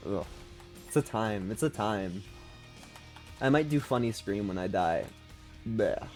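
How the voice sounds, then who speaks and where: A man's voice: mid-range voice, darkish tone. A man streaming a video game from home, giving rambling, self-deprecating, sweary commentary. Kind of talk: casual gaming commentary.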